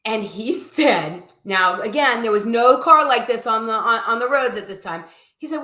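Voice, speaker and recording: Animated woman telling a story. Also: a little high, moderate pace. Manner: animated storyteller, acts out quoted voices. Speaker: guest. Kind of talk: casual storytelling in a live chat. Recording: echoey room.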